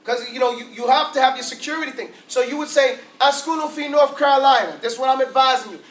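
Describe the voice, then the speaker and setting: A fast-talking Arabic teacher with a high voice runs a class casually, using slangy talk and often checking that everyone is following. The sound is echoey, as if captured from far off in the room.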